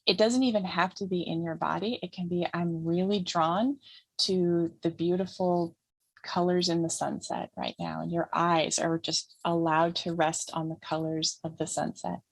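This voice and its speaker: A woman giving a calm, instructive talk about healing trauma as a guest speaker, often repeating phrases for emphasis. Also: lowish voice, normal speed, creaky, no room sound. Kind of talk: teaching talk in an interview.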